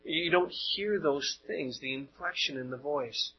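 Husky guy preaching, chatty sermon, lots of questions to the crowd, kinda dull lo-fi recording. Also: fairly high pitch, a little slow. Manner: conversational, rhetorical questions, frequent word repeats.

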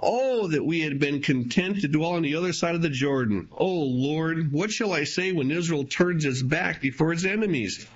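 A man preaching a sermon, reading scripture and retelling it in his own plain words, with emphatic swings between raised and hushed delivery. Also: a little high, moderate pace, hardly any pauses, muffled recording. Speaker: pastor.

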